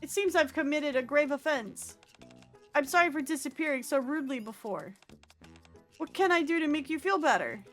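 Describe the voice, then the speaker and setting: A woman's voice: high-pitched, expressive, moderate pace, a bit bright, faint music behind, pitched above the performer's own voice. A woman voicing a timid, clingy shut-in girl who stammers and apologizes in a panic. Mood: frantic.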